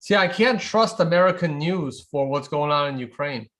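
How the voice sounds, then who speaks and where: A man's voice: fairly high pitch, expressive, moderate pace, a bit bright. A man from Russia hosting a livestream, answering viewer questions in a wry, offhand way and thinking aloud. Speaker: livestream host.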